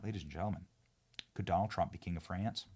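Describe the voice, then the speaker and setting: A man hosting a political commentary show, talking excitably with sarcastic asides. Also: fast talker, husky. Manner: excitable, sarcastic, swings between loud outbursts and low asides.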